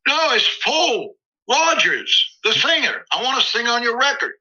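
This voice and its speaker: An eager, friendly British rock singer voiced high and keen, as a man acts him out within a story. The voice sits well above a normal man's range and sounds bright and forward. The recording is somewhat dull and lo-fi. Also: unhurried, slightly rough, heavily acted. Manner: excited, pitched well above his own talk.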